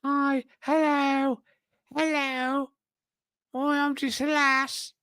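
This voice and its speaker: A man voicing shy young British women from a comic strip in a slow, simpering falsetto. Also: little pitch movement, sharp tone, no room sound, clean studio sound, heavily acted. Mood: coy.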